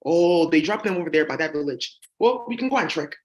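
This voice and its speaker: A woman's voice: sits low, animated, fairly quick. A woman vlogger talking straight to her viewers in a rambling, accusatory monologue full of ums and uhs. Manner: rambling and accusatory, heavy with fillers. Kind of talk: rambling direct-to-camera monologue.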